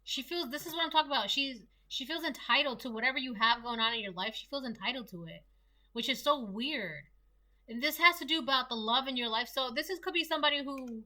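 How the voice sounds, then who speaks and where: A woman's voice: high voice, pushed and bright. A young woman giving a casual solo tarot reading, rambling and chatty with lots of fillers. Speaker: tarot reader.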